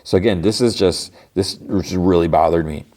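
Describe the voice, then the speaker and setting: A man's voice: low-pitched, moderate pace, dark tone. A man hosting a podcast, retelling a TV episode in a rambling, casual way, full of fillers. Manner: rambling, heavy use of "like". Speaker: podcast host.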